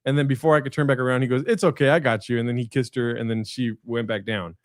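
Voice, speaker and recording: A man at an ordinary, middle pitch spins a long, meandering anecdote over a video call, peppered with "like," "um" and casual swearing. His voice sounds close and dry. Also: fairly even intonation, quick pace, no echo. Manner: rambling anecdotes with frequent fillers and profanity. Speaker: guest comedian. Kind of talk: casual storytelling chat.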